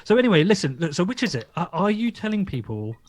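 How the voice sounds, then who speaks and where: Man, host, quick talker, lively pitch, insistent, repetitive questioning. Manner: insistent, repeats questions, stammers. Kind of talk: pressing livestream interview.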